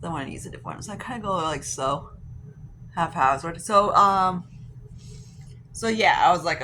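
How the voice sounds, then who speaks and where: A woman's voice: lowish voice, moderate pace, pauses often, a bit bright, a little hiss or hum. Chatty, swearing young woman vlogger. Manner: chatty, profane, rambling with many fillers. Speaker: beauty vlogger. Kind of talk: casual get-ready-with-me storytelling.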